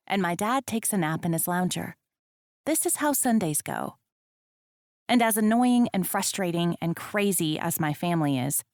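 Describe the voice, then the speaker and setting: A woman reading a first-person romance audiobook, with a wry, expressive comic delivery into a close microphone. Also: medium pitch, no echo. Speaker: audiobook narrator.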